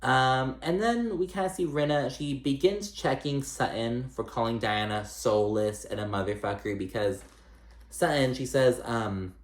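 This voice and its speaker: A man's voice: medium pitch, a little slow. A man giving a casual, gossipy recap of a reality show, chatty and salty, with lots of "like" and "um". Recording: echoey room.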